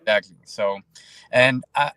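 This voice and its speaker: A man in casual podcast conversation as a guest, talking in an animated, preachy way and acting out quoted voices. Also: mid-range voice, measured pace, clean tone.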